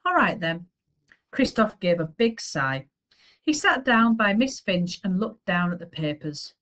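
A woman reading a children's chapter book aloud with expressive storytelling. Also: medium pitch, a little slow. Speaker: story reader.

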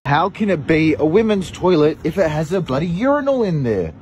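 A man's voice: a little high, big pitch swings, a little fast, darkish tone, a little hiss or hum. A young Australian man vlogging casually to camera, rambling and frank, with lots of fillers and restarts. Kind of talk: casual vlog talk to camera.

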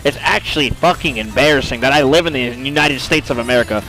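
A man's voice: mid-range voice, fast, pushed and bright, soft background music, poor audio. A man streaming a game live, ranting and swearing heavily in frustration at his teammates and the game. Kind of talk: live gameplay streaming chat.

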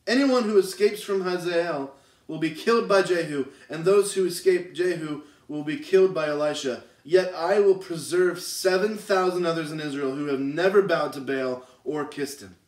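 High-voiced man preaching in an echoey church. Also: normal speed, darkish tone. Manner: conversational, checks in with "okay?". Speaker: youth pastor. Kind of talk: casual youth sermon, retelling scripture. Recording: roomy, distant mic.

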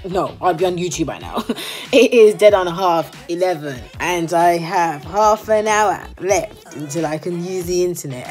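A young woman talks straight to her phone camera in a casual, giggly vlog. Her voice sits a little low, and she stretches her exclamations out. Faint music plays softly behind her. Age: young adult. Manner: chatty and giggly, drawn-out exclamations. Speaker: vlogger. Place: bedroom.

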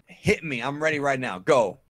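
A man taking part in a quiz over a call, relaxed and thinking aloud. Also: medium pitch, moderate pace. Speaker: quiz contestant. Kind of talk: casual chat over a call.

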